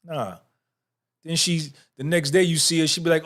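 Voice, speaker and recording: A man in his fifties hosts a livestream podcast in a voice that's on the high side and fairly bright, with fairly even intonation at a normal speed. Answering chat, he comes across as boastful, profane, and street-savvy.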